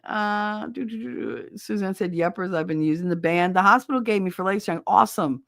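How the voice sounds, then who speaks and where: A middle-aged woman hosting a livestream podcast, chatting casually with viewers and telling animated stories with frequent swearing. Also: mid-range voice, a little fast, vocal fry. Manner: animated storyteller who swears freely.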